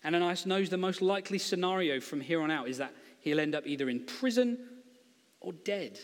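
A man's voice: fairly high pitch, expressive, fairly quick. Man preaching with humor in a big hall. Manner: conversational, humorous storytelling, acts out quotes. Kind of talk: sermon.

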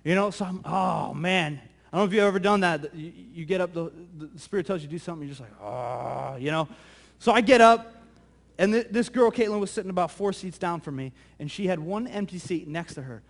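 A male pastor preaching a sermon, telling a story in a lively, conversational way that often repeats words. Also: high-pitched, quick pace. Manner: animated, conversational, repeats words when excited.

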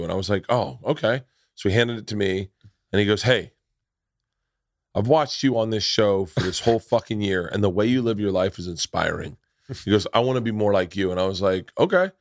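A man hosting a podcast, telling stories in a casual chat, animatedly leaping into loud high voices when he quotes people. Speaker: podcast host.

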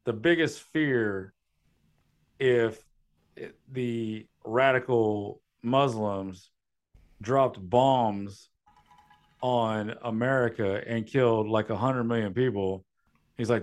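A man's voice: mid-range voice, slow pace, pauses often. A man co-hosting a podcast in casual chat, rambling, trailing off and laughing often. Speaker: podcast co-host.

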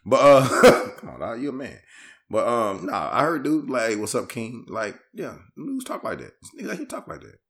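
A man's voice: mid-range voice, wildly swooping pitch, moderate pace, fairly bright tone. A young man in casual podcast chat who laughs often and teases back playfully. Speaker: podcast co-host.

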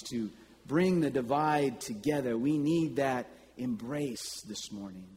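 A man preaching a sermon, telling stories in a slow, deliberate way and breaking into sudden loud calls. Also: on the high side, a little hiss or hum. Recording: long reverb with faint ambience.

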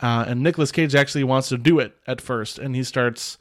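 A man's voice: medium pitch, fairly quick. A man hosting a podcast, casually recapping a film in a rambling way, with lots of filler words and restarts. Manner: rambling, many filler "like"s and restarts, chuckles often. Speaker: podcast host reviewing a film.

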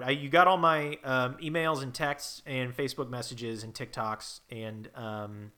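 A man's voice: mid-range voice, steady tone, a little slow, few pauses, pushed and bright. A man co-hosting a comedy podcast, playing an awkward, eager character in an improvised scene, rambling with fillers.

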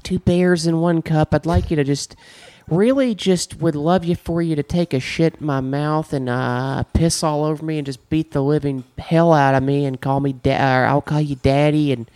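A man doing a crude parody impression of a lewd, bumbling middle-aged male prosecutor, speaking slowly and drawing out his words. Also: fairly high pitch, fairly even intonation, darkish tone, no room sound, close to an everyday voice. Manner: slow, drawn-out, crude parody delivery.

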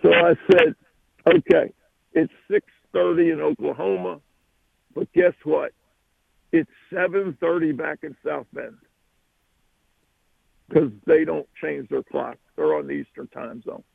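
A man, a football coach, telling an animated recruiting story as a radio guest. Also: a little high, a little slow, vocal fry, long pauses, breathy edge, no room sound, narrow, tinny audio. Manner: animated, acts out the voices.

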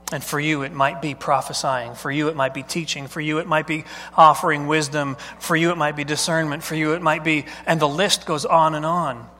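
Pastor guy preaching, bright fairly high voice, chatty, lots of questions to the crowd, big church echo. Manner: conversational, asks the congregation questions. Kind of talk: sermon. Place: church sanctuary. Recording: long hall reverb.

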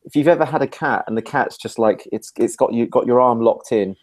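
A man's voice: medium pitch, fairly quick. A man hosting a casual podcast conversation, telling a rambling anecdote and laughing easily. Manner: rambling, laughs easily, many listening hums.

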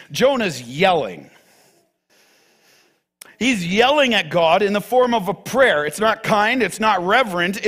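Man, pastor, sermon, emphatic Bible teaching, lively up-and-down voice. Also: high voice.

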